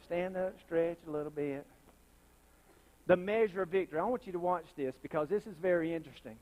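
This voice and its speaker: A man in a church sanctuary preaching a sermon with real fire in it. His voice sits high and it keeps jumping up into loud, impassioned bursts. He keeps calling out to the congregation, asking for responses and a witness. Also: brisk. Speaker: pastor.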